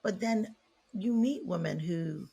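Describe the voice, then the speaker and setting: A woman guest and leadership coach on a podcast interview, talking in an animated, preacher-like way. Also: lowish voice, takes it slowly, vocal fry, breathy edge.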